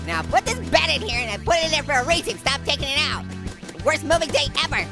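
A hyper little cartoon gamer with no ears, all squeaky highs and wild swoops. He giggles nonstop and squeals at every silly moment, narrating gameplay in goofy bursts. Game music plays clearly behind him. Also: fast. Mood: giddy. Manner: giggles constantly, excitable squeals. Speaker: gaming host. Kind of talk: comedic gameplay commentary.

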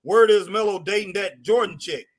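A man hosting a casual live-stream wrestling show, reacting excitedly to matches, laughing and calling everyone "man" and "boy". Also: high-pitched, normal speed. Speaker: host.

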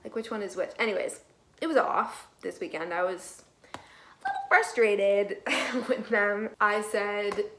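A woman's voice: medium pitch, animated, unhurried, fairly bright tone, poor audio. A woman in her twenties talking casually in a daily vlog, chatty and rambling, laughing often. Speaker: vlogger. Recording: faint background noise.

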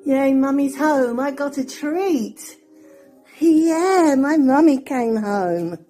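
A woman's voice: high-pitched, lively intonation, takes it slowly, warm tone, faint music behind, voice pushed up. Woman voicing her chirpy pet dog. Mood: gleeful. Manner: chirpy baby talk. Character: pampered young female pet dog, cheerful.

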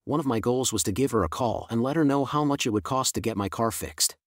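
A man voicing a sad, apologetic middle-aged woman on the phone in a slow, plain way. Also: mid-range voice, no room sound, studio quality, close to an everyday voice.

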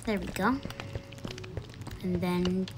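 Slow-talking woman narrating her gameplay. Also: lowish voice, steady tone, very noisy. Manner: chatty, sings and mutters to herself while playing. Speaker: gameplay streamer. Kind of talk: casual let's-play commentary. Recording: background music under the voice.

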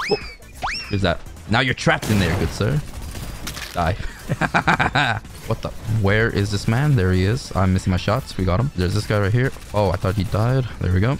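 A man commenting casually on his own online match, excitable and jokey, yelping at surprises. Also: on the low side, moderate pace, faint music behind. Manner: excitable, jokey, laughs often and yelps at surprises. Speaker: gaming channel host.

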